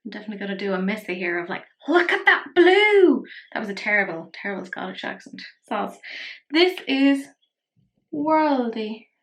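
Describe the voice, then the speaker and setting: A woman's voice: medium pitch, a little fast. A woman, chatting playfully through a makeup tutorial and poking fun at herself. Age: 30s. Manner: chatty, playful and self-mocking. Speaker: makeup vlogger. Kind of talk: casual makeup tutorial chat.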